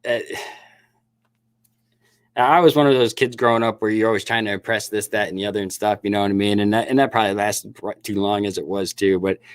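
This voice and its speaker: Snake-breeder livestream host, middle-aged man, low-pitched voice, stammery and chatty, dry home recording. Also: steady tone, a little fast, dry recording. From Upper Peninsula of Michigan. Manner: laughing, chatty, stammering restarts. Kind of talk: casual livestream chat with viewers.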